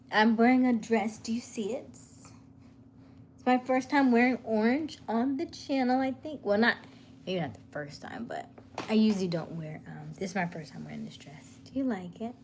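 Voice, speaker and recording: A woman's voice: on the high side, a little hiss or hum. A woman hosting a casual live chat, reading viewer comments, laughing often and dropping into whispers. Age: middle-aged. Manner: chatty, laughing, drops to whispers. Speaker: livestream host.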